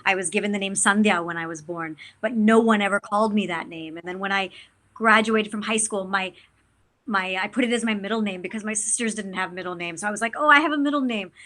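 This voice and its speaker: Bright-voiced chatty woman actor. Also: mid-range voice, fairly quick. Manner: animated, chatty, many fillers. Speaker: guest actor. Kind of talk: casual interview talk.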